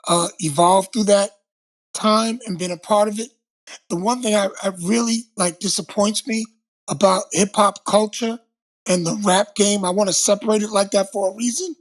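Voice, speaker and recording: A man's voice: sits high, steady tone, moderate pace. An older man from Long Island, New York, telling stories in a casual conversation and animatedly acting out the voices he quotes. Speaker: co-host, former TV host.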